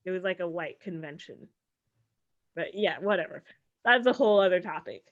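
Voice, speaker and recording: On a comedy show stage, a woman performs stand-up in a sarcastic, conversational style, sprinkling in "like" and "right?". Her lowish voice is animated at a moderate pace, and the recording sounds dull and muffled.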